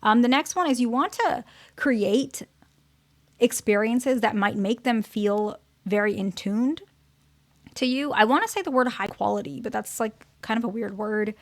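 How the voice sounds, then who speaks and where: A woman's voice: a little high, measured pace. A woman therapist giving casual relationship advice to her viewers. She talks conversationally, often checks in by asking "okay?" or "right?", and corrects her word choices as she goes. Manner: corrects herself mid-sentence while searching for words.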